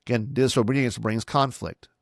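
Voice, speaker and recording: A man's voice: mid-range voice, fairly even intonation, moderate pace, vocal fry, no room sound, studio quality. A man, a pastor, teaching parents on his own podcast in a plain-spoken, instructive way and repeating his key points.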